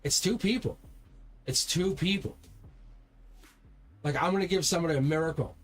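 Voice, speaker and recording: A man's voice: a little high, moderate pace. Intense tarot reader, man, faint music. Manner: talks straight to viewers, swears when heated; rambling, repeats words and restarts. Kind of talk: live-stream tarot reading.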